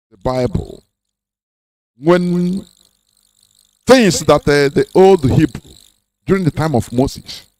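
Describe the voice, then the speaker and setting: A man's voice: sits high, poor audio. A man hosting a radio program, talking in a sermonizing way with frequent fillers. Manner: sermonizing, lively, hesitant fillers. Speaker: radio host. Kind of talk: preachy radio talk.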